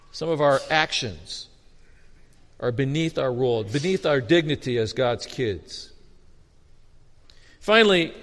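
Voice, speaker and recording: A man preaching a sermon as a pastor, animated and storytelling with humor, often restarting his words. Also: medium pitch. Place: church sanctuary. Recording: long reverb of a hall.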